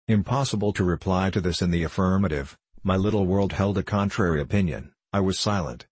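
Deep-voiced man narrating a classic novel. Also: a little mellow, husky, dry recording. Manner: measured, formal. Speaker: audiobook narrator.

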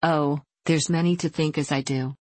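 A talkative, headstrong old landlady from a storybook, read by a woman in a low, dry voice. She runs on about her opinions and scolds freely. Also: steady tone, normal speed, no room sound. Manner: outspoken and scolding. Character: garrulous stubborn old female innkeeper.

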